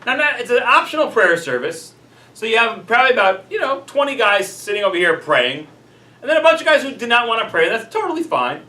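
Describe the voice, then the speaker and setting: With an extremely high, sing-song voice and a sharp tone, a rabbi talks fast while teaching a class through casual, chatty stories full of "like" and "you know." The mic sits at a distance, giving the recording a roomy echo.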